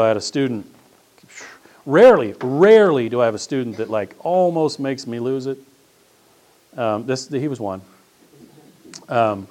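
A man's voice: mid-range voice, a little mellow. A man giving a sermon as a pastor and teacher, telling stories casually and building up to emphatic questions. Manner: conversational storytelling with rising emphatic questions.

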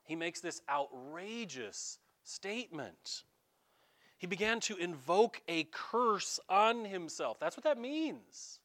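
Animated preacher man, lively pitch. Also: slow pace. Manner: animated, acts out quoted voices, stammers. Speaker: pastor. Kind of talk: sermon.

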